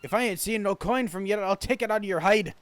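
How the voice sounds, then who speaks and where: A man doing a gruff Scottish shipwright. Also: high voice, quick pace, no room sound, voice pushed up. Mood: threatening. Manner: loud, blustering. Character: gruff male shipwright, rowdy.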